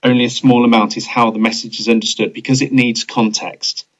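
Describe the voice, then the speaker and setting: A man narrating a scripted leadership training video in a measured, explanatory way. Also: medium pitch, flat delivery, highs cut off.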